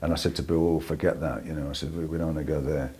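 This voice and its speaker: Low husky older man, soft-spoken. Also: little pitch movement, rapid-fire. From England. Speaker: interviewee, band member. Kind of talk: casual storytelling.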